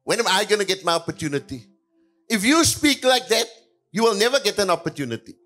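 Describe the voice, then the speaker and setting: A male pastor preaching a sermon, moving between quiet passages and louder lines, with repeated hallelujahs. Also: high voice, animated, fast.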